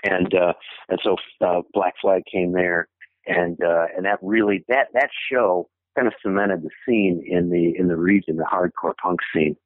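A low-voiced man from Michigan tells stories as an interview guest, rambling with restarts and fillers. His voice comes through a narrow, tinny phone line. The sound is dry, with no room around it. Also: normal speed, no room sound. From Michigan, USA. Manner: rambling, many restarts and fillers, laughs while telling stories. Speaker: interview guest, former punk band member. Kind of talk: casual storytelling in an interview.

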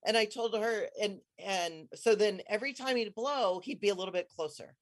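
A guest tells a personal story in casual conversation, speaking at a moderate pace in a mid-pitched voice. She's excitable and rambling, full of restarts and trailing phrases, and breaks into high squeals when quoting herself.

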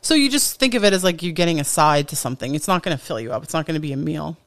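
A woman's voice: low-pitched, animated, rapid-fire. A woman co-hosting a podcast in casual chat, talking freely with lots of fillers and restarts. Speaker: podcast co-host.

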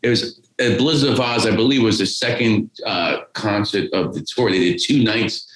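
A man's voice: on the low side, moderate pace, fairly bright tone. A man, telling a rambling, profane story as a podcast guest. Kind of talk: casual storytelling. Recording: roomy echo.

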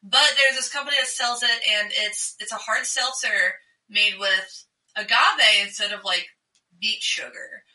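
Bright-voiced chatty woman podcaster. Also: mid-range voice, measured pace, roomy sound, far from the mic, poor audio. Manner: laughs often, chatty and animated. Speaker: podcast co-host. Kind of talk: casual chat.

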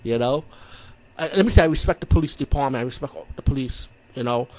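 A man's voice: medium pitch, fast talker. Rambling profane New York man. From the Bronx, New York. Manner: rambling, profane, animated retelling with acted-out reactions. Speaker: movie reviewer. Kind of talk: casual movie recap.

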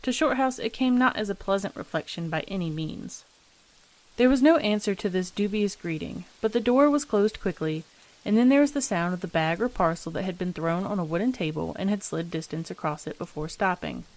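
A woman narrating a classic ghost story as the host of a reading show, in a measured, steady manner. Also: mid-range voice.

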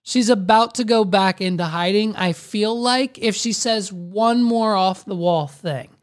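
A woman's voice: mid-range voice, unhurried. A woman commenting casually and comically, rambling with plenty of "like"s and some crude language. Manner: rambling, crude, full of likes.

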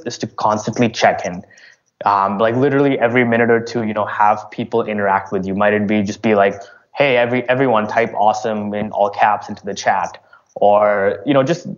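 A man answering interview questions about his business in a casual, halting way, full of fillers and restarts. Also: lowish voice, highs cut off. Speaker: startup founder.

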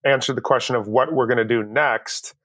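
A man's voice: medium pitch, fairly even intonation, a little fast, fairly bright tone, no room sound. A man co-hosting a podcast in casual chat, leading topics and teasing with questions to listeners. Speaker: podcast co-host.

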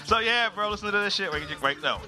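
A man hosting a live comedy show, teasing the audience with loud, profane banter. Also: sits high. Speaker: host. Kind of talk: live comedy crowd work.

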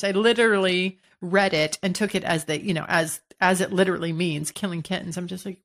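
A woman's voice: fairly low pitch, fairly even intonation, brisk, hardly any pauses. Woman, podcast host, solo monologue, candid, chatty, swears casually, frequent restarts. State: hiccuping.

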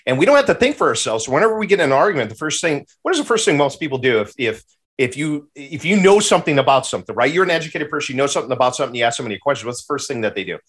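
A man in casual podcast conversation, ranting with profanity and animated exclamations. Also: medium pitch, racing, slightly rough. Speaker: podcast guest.

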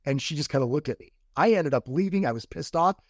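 As a podcast guest in a casual interview, a man tells the story of a past relationship, rambling, restarting and quoting what was said. His voice is on the high side, animated and fast, with clean studio sound and no echo.

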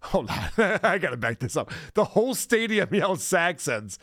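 A man's voice: high-pitched, sing-song, moderate pace, fairly bright tone, no echo, studio quality, faint music behind. A man hosting a podcast in casual chat, mocking and sarcastic, laughing often. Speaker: podcast host.

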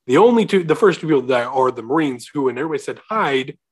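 Casual co-host, young adult man, lively and laughing, acts out lines mid-story. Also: medium pitch, very fast, breathy edge. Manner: animated, laughing, quoting characters. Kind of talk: casual movie chat.

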